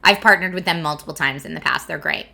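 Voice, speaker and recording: A woman's voice: low voice, quick pace, creaky, sharp tone. A woman, chatting casually with her viewers on a stream and laughing often. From Philadelphia area, USA. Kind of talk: casual chat reading viewer comments. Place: home streaming setup in California.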